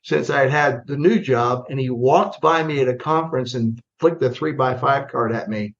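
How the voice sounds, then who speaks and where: An older man from the United States spins stories with energy and a self-mocking humor, acting out both sides of old conversations. His pitch sits in the middle range for a man. The podcast audio is slightly muffled and lo-fi. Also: normal speed, vocal fry. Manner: animated, self-deprecating, acts out dialogue. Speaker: podcast guest, retired army general. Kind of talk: storytelling in a podcast interview.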